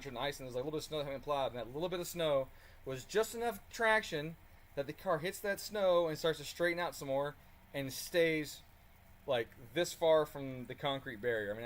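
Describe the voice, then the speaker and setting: A man telling a story in a casual, animated way while working on a car, swearing freely and chuckling as he talks. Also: on the high side, fairly quick. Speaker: car tuning channel host.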